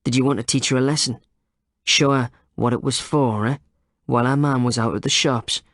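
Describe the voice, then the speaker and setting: A man reading as a hard-edged police detective in an audiobook, sliding between reasonable coaxing and cold accusation. His delivery is dry and close, at an ordinary middling pitch, with no room around it. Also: steady tone, a little fast, fairly bright tone, no echo, lightly acted. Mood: insinuating. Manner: needling interrogator, shifts from reasonable to accusing. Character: male police detective, coaxing then menacing.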